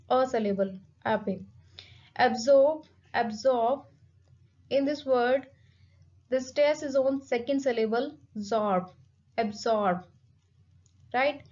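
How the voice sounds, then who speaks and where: A woman giving a phonetics lecture, slowly repeating each example word. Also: sits high, darkish tone. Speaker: English teacher. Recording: dull lo-fi recording.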